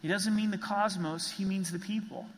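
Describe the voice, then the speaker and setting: A man's voice: sits high, normal speed, in a large hall, low-quality recording. A man preaching a sermon as pastor, earnest and emphatic, driving points home with repeated phrases.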